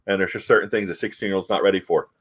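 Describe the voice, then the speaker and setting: A man's voice: deep voice, steady tone, rapid-fire, a bit bright. A middle-aged man from the United States chatting casually about comics, rambling and hesitant but frank. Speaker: comic review host. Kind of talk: casual chat.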